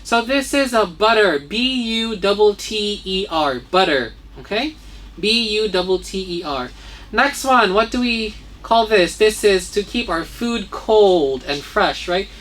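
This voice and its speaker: A woman's voice: medium pitch, animated, takes it slowly, a bit bright. Patient woman teacher spelling words aloud. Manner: spells words letter by letter, frequent "okay?" and "right?" checks. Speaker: English teacher. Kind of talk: children's vocabulary lesson.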